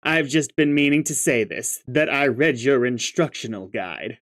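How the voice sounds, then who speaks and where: A reader voicing a prim, formal young female troll who speaks in a measured, genteel way. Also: mid-range voice, lightly acted. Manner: measured, genteel, says "I do declare".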